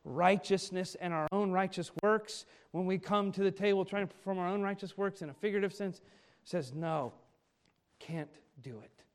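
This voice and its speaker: A male pastor preaching a sermon in an animated way, acting out the speech of people he quotes. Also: high voice, fairly quick, clean tone.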